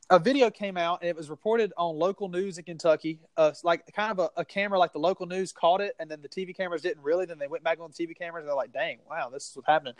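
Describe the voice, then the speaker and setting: A Southern US man breaks down a football game in a casual podcast, his voice sitting high for a man. He rambles and restarts his sentences, getting heated as he goes. The sound is dry and close, with no room in it. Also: no echo. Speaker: sports podcast co-host. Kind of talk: casual sports talk.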